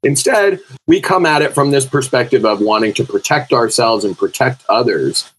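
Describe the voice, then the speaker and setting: A man's voice: mid-range voice, lively intonation, moderate pace, slight background noise, poor audio. A man co-hosting a freewheeling spiritual conversation who tells stories with animation and acts out the people in them. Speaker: podcast co-host.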